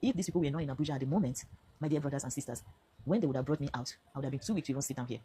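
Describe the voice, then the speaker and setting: A woman's voice: very deep voice, racing, dark tone, a little hiss or hum. A Nigerian woman in her fifties giving an earnest, emphatic personal testimony to camera, now and then slipping into Pidgin phrases. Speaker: vlogger telling her own story.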